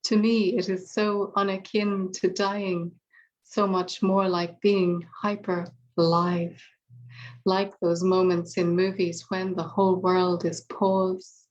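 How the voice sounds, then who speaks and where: A woman reading her own poetry aloud with slow, deliberate phrasing. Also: fairly low pitch, a little mellow, lo-fi sound, slight background noise. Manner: slow, measured, deliberate delivery. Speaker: poet reading her work.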